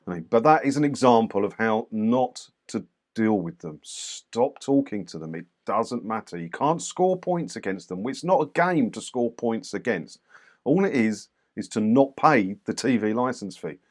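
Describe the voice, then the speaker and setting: A man's voice: on the low side, animated, moderate pace. A man giving casual, wry commentary on video clips, dismissive of unnecessary arguing. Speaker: commentator reviewing doorstep clips.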